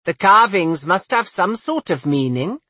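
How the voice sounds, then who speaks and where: Narrator doing a stubborn young lady guard, pushy questions, slow and dry. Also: medium pitch, expressive, bright, forceful tone, dry recording. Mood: insistent. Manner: insistent, questioning. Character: determined young noblewoman protector.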